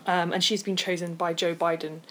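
Woman co-host, lowish voice, enthusiastic and emphatic, faint background noise. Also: level tone, fairly quick, a bit bright. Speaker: podcast co-host. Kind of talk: casual chat.

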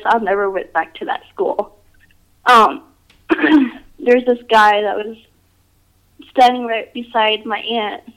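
A storyteller with a voice on the high side shares her personal ghost encounters over a rough recording. She talks casually and rambles, restarting often and filling her speech with "like."

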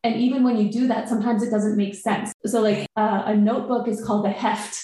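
Animated woman in an echoey room. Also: mid-range voice, fairly quick. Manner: animated storytelling, quotes herself. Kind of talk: casual podcast chat.

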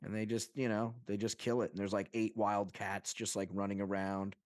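Young man, low voice, from Long Island, animated casual podcast talk, dry close sound. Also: normal speed, no echo. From Long Island, New York. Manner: animated, swearing, jokey with fake accents. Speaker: podcast co-host. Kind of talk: casual chat.

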